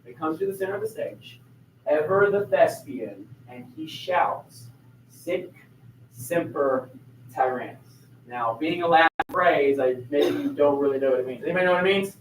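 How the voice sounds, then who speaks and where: A man in a classroom lectures on history as a lively storyteller, often turning to ask his students questions. His voice sits slightly high for a man. The room is echoey, the mic is far off, and faint noise hums underneath. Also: brisk. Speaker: teacher.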